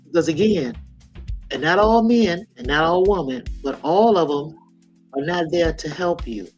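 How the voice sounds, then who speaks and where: A woman's voice: on the low side, sing-song, moderate pace, gravelly, darkish tone, muffled recording, soft background music. A woman in her sixties hosting a casual live chat, talking frankly in a folksy way and laughing often. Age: 60s. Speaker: live stream host.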